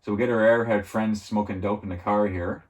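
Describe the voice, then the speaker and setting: A man with a slightly low voice recaps a TV episode off the cuff. He rambles and leans on filler words, chuckling often as he goes. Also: steady tone, fairly quick. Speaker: TV show reviewer.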